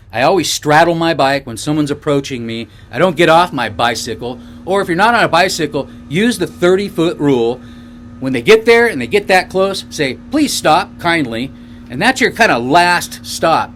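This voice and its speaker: A man's voice: mid-range voice, a bit bright. A man from northern California, a bikepacking vlogger, telling a story to camera in a loose, rambling way with restarts and asides.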